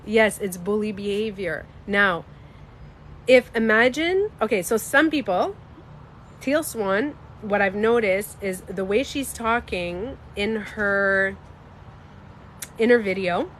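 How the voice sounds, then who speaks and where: A woman's voice: medium pitch, lively intonation, slow pace, a bit bright, slight background noise. A young woman hosting a casual livestream, talking emphatically and answering chat comments. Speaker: livestream host.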